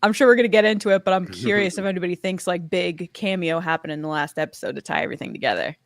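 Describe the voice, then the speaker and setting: Lower-voiced woman co-hosting, teasing. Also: racing, vocal fry, no echo. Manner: chatty, teasing, reads super chats aloud. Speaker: podcast co-host. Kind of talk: casual aftershow chat.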